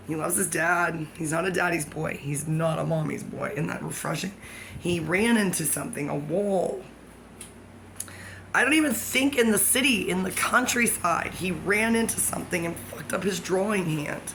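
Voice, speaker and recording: Talking directly to the camera, a female vlogger rambles through a loose monologue, correcting herself and dropping in jokes along the way. Her voice is pitched on the low side, a bit bright, with a gravelly fry. Noticeable background noise runs beneath the recording.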